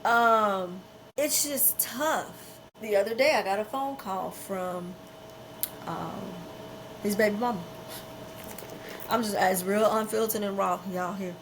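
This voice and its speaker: A woman's voice: mid-range voice, slow pace, long pauses, slight background noise, poor audio. A middle-aged woman hosting a podcast, talking in a candid, emphatic and unfiltered way, often repeating herself for weight. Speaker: podcast host.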